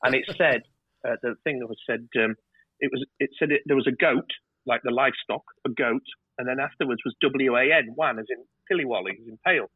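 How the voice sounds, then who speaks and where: Over a dry, muffled, phone-like line, a northern English man in his fifties, a TV director appearing as a guest, tells casual interview stories candidly, cursing freely. His medium-pitched voice is brisk with a breathy edge, and there's no echo.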